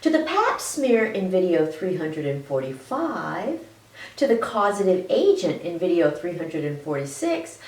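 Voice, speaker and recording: A woman teaches in a relaxed, chatty manner, laughing softly between her points. She speaks slowly and stretches key words, and her voice swings high and low. She sits a little back from the mic, and the room around her sounds roomy. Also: recorded from a distance. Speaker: health educator. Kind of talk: educational video lecture.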